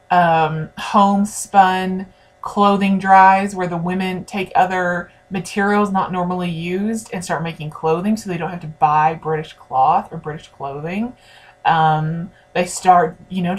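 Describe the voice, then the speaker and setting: A woman teaching a history lesson in a conversational way, speaking directly to her students. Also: medium pitch. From United States. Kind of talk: recorded classroom lecture.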